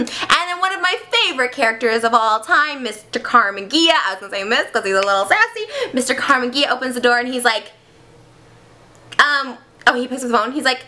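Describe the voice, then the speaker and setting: A woman retelling a film in a casual, giggly way. Her bright, high voice leaps around in pitch as she gets animated. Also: brisk.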